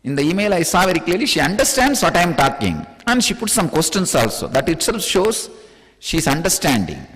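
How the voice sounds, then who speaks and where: Lively high-voiced Indian man preaching. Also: fairly quick, long reverb tail. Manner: playful, laughing, rhetorical questions. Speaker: spiritual teacher. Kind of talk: spiritual discourse.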